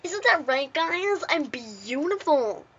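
A woman's voice: high voice, sing-song, takes it slowly, fairly bright tone, dull audio, heavily acted. A woman voicing a vain, boastful young woman who keeps praising her own looks. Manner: self-admiring, whiny.

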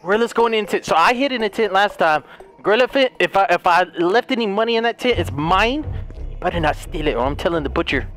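A young man giving comedic let's play commentary, frantic and pleading, shouting and laughing as he plays. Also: high voice, lively intonation, fast, faint music behind. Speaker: gaming video host.

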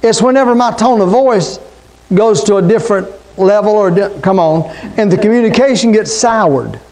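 This is a middle-aged pastor, preaching in a high-pitched voice. He keeps it conversational, tossing questions and call-outs to the people in front of him. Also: normal speed, darkish tone. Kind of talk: sermon.

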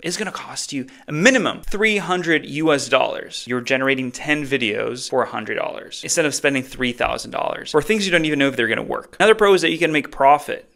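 A man's voice: mid-range voice, creaky, bright, forceful tone. A man hosting a casual tutorial, explaining in a chatty, upbeat way. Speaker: tutorial host. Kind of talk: casual screen-recorded tutorial.

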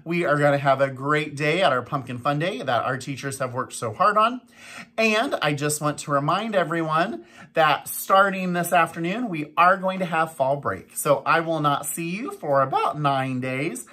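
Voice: mid-range voice, animated, moderate pace, sharp tone. An elementary school principal giving the morning announcements, addressing young children in a coaxing, teacherly way and repeating pleas and instructions for emphasis.

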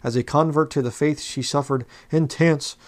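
In this heated religious commentary video, a man speaks with a somewhat high, steady voice at a moderate pace. Fired up like a preacher, he reads book passages aloud and ridicules opposing positions.

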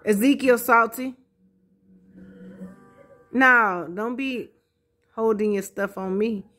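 Woman, vlogger, tired, chatty, teasing, slow-paced, home phone recording. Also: medium pitch, pushed and bright, soft background music. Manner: chatty, teasing her dog with playful exclamations. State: tired after work. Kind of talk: casual vlog chat at home. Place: home, indoors.

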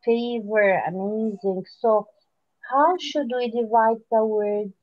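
A woman teaching a phonics lesson online, patient, full of praise, and repeating words slowly for her pupils. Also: on the high side. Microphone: video call. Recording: dull lo-fi online call audio.

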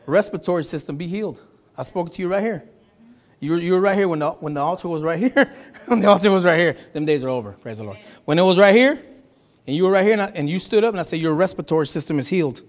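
A man pastor preaching a Sunday sermon in a church, talking in a loose, slangy way, sometimes shouting and sometimes dropping to a hush. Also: high-pitched, expressive, fast. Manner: conversational preaching with slangy asides and laughs; swings from shouting to hushed.

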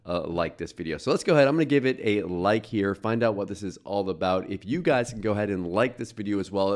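A man with a very low voice talks casually through a video he is reacting to. He chats along with plenty of "uh" fillers, as a host speaking to his viewers. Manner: chatty, with frequent "uh" fillers.

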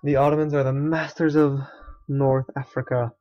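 A man's voice: mid-range voice, little pitch movement, moderate pace, no echo, dull audio. A young man giving casual, sarcastic commentary while playing a strategy game, often swearing and muttering to himself. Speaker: gaming let's player.

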